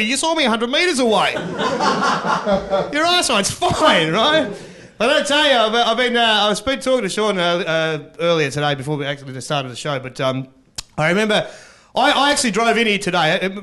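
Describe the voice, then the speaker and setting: A man's voice: high voice, expressive, normal speed, bright, forceful tone. A man doing live stand-up comedy on stage, loose and chatty, laughing at his own jokes and working the crowd.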